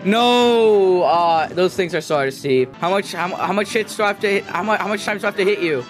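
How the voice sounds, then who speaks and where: Excitable young man yelling over gameplay. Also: sits high, a little fast, faint music behind. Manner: excitable, jokey, yells when losing. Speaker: gaming video host. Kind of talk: gameplay commentary.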